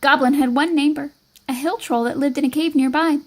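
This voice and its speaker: Woman reader, high voice, lively read-aloud for kids. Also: fairly quick, poor audio. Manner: expressive, lively storytelling. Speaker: storybook reader.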